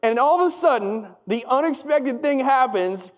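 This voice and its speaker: A man's voice: very high-pitched, expressive, normal speed. A young man preaching a sermon, telling a story in a conversational way and asking the congregation questions. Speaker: pastor. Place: church. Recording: long church hall reverb.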